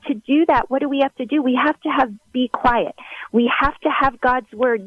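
A woman's voice: high voice, no echo. Earnest woman on dull, dry remote audio. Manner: earnest, encouraging, preacherly. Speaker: ministry leader guest. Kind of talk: heartfelt faith conversation.

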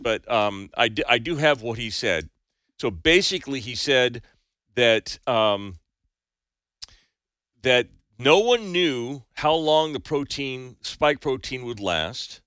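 Guy on a talk show reading news, chatty, jokes around, bright voice. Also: medium pitch, smooth, no room sound, clean studio sound. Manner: chatty, joking, many restarts. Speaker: news segment host. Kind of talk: casual radio talk.

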